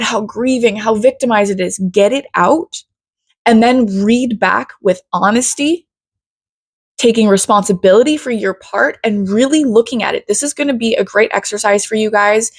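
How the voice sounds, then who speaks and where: A woman's voice: medium pitch, gravelly, no room sound, clean studio sound. A woman coach teaching a casual lesson, chatty and blunt, often checking in with her listeners. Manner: chatty, often says "right?" and "you guys". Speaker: self-development coach.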